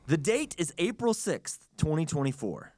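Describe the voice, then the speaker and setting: A man hosting a podcast tells a long story in a lively, animated way, with his pitch swinging high and low. He sits a bit high in pitch for a man and plays out the voices of the people he quotes. The recording is close and dry. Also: moderate pace, dry recording. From United States. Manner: animated, chatty, acts out quotes. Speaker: podcast host. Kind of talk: casual storytelling.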